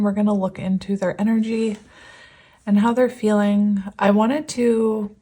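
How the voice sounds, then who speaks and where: A woman in her thirties with a mid-range, slightly mellow voice does a casual tarot reading to camera. She rambles affectionately and giggles often, yet her voice sounds teary, as if she's close to crying.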